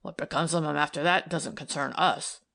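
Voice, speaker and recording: A woman's voice: deep voice, steady tone, moderate pace, bright, forceful tone, heavily acted. A woman reading aloud and voicing a skeptical, dry-witted male detective who speaks curtly and ironically. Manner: gruff, ironic, curt.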